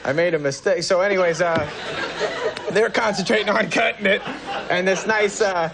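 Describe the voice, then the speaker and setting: A man in his thirties from New Hampshire, a comedian guest telling a rambling, halting, self-mocking story on a talk show, often breaking into laughter. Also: sits high, vocal fry, a crowd in the background. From New Hampshire, USA. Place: TV studio with audience. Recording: noisy VHS TV recording.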